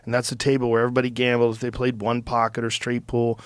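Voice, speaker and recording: A middle-aged man hosting a podcast, telling an animated, profanity-laced story in casual conversation into a close studio microphone. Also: mid-range voice, quick pace, smooth, dry recording. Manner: animated, profane, acts out quotes. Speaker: podcast host.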